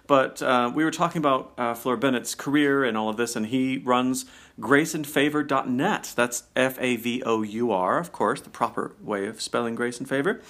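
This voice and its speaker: A man co-hosting a casual podcast chat, animated and laughing often, rising into high squeals when excited. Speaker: podcast co-host.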